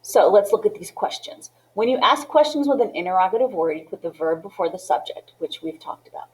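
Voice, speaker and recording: A woman's voice: medium pitch, lively intonation, brisk, a little mellow, low-quality recording. Patient woman teaching a lesson. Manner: patient, checks in often with "okay?" and "right?"; mixes English with Spanish phrases. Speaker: Spanish teacher. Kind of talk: classroom lesson walkthrough.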